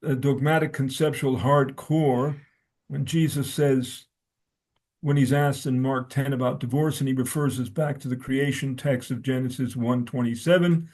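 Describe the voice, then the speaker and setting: A man with a medium-pitched, steady, slightly mellow voice speaks at a normal pace. He is a guest scholar reading from his own essay and quoting sources, and he often restarts his sentences.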